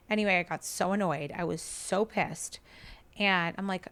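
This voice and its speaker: A woman's voice: medium pitch, moderate pace, fairly bright tone. A woman in her thirties hosting a podcast, telling a family story in a chatty, exasperated way, full of "like.". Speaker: podcast host. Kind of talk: casual storytelling.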